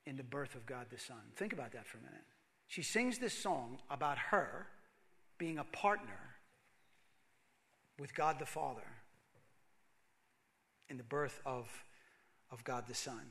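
A male pastor delivering a sermon in a high, bright voice. He talks with lively emphasis, repeats his phrases and drops to hushed tones before building back up to loud exclamations. His delivery is passionate and conversational.

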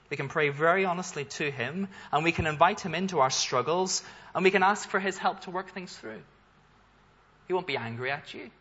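A man's voice: on the high side, bright, forceful tone, slightly rough, lo-fi sound. A man preaching a sermon as the pastor, earnest, asking rhetorical questions and building in force for emphasis.

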